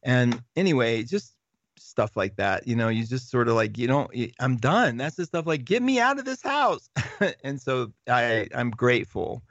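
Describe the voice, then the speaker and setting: Gravelly man chatting with viewers. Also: medium pitch, moderate pace, dry recording, lo-fi sound. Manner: animated, rambling with restarts and laughs. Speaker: livestream host reading viewer comments. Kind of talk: casual live chat.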